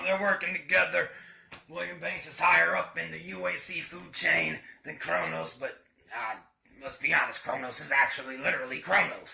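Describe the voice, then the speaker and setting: A man's voice: fairly high pitch, gravelly, sharp tone. A man casually retelling a story on his channel, rambling and swearing a lot in slangy talk, recorded in an echoey room. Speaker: channel host.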